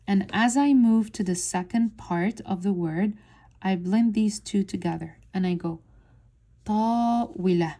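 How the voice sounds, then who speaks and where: A woman teaching a beginner reading lesson, sounding out words syllable by syllable and repeating each one slowly. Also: medium pitch, mellow. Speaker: Arabic teacher. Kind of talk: slow step-by-step reading lesson.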